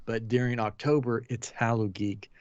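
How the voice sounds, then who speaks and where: A man's voice: medium pitch, normal speed, lo-fi sound. A man hosting a casual live podcast, laughing often and restarting his intro. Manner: giggly, animated, keeps restarting. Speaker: podcast host.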